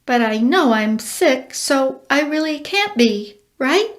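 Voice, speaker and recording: A woman voicing an overwrought, frightened young woman who talks in a shaky, high voice. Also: expressive, slow pace. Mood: confused.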